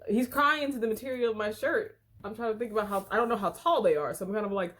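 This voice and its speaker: A woman's voice: medium pitch, fast, fairly bright tone. A young woman casually reading fan fiction aloud with a friend, stumbling over the text, swearing and breaking into laughter.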